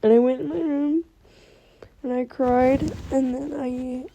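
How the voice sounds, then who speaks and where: A young woman talking through tears in a personal vlog, halting and emotional, her voice breaking. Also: steady tone, muffled recording, a little hiss or hum. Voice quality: high soft voice, halting and tearful. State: crying.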